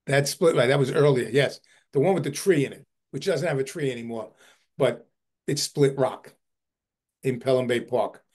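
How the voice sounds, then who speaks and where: A man who heads a historical society gives a video-call book talk. He tells an animated anecdote and often repeats his words. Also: medium pitch, normal speed, breathy edge. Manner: animated, repeats words while telling a story.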